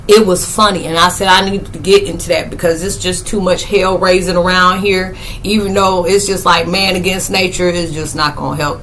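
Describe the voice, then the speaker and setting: Animated woman telling stories with laughs. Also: a little hiss or hum, poor audio. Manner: animated, laughs often, acts out quotes in high squeals. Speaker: spiritual vlogger. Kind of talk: casual storytelling monologue.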